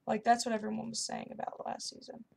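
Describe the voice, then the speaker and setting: A young woman chatting casually and excitedly while playing a video game. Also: on the high side, quick pace, vocal fry, background noise. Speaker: gaming YouTuber. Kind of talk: casual commentary over gameplay.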